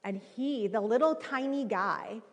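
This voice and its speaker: A woman in her thirties preaching a sermon, telling a personal story in a conversational, animated way with many fillers. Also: on the high side, unhurried, creaky. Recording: reverberant hall.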